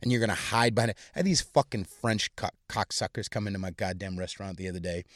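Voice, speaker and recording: A man's voice: lowish voice, fast talker, a bit bright, dry recording, clean studio sound. A young adult man hosting a podcast, delivering a crude, profane, heated rant. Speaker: podcast host. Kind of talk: crude solo comedic rant.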